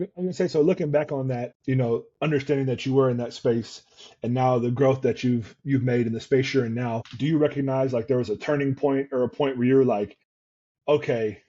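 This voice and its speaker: A man's voice: mid-range voice, dark tone, husky, muffled recording. A young man asking thoughtful, probing questions as a guest in a casual chat. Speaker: guest, host's son.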